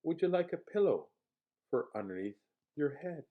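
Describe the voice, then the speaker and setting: A man doing a shy soft-spoken sheep. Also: a little high, very animated, moderate pace, narrow, tinny audio. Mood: timid. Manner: soft and hesitant. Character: shy timid female sheep.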